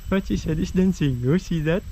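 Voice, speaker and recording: A woman talks to a baby in a lilting, sing-song voice, her pitch swooping widely as she coaxes and points things out. She speaks slowly and unhurriedly. Faint insects and crickets chirp around her outdoors, picked up by a handheld phone. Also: warm tone, slight background noise. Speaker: parent showing a baby around. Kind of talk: casual baby talk. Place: outdoor nature park.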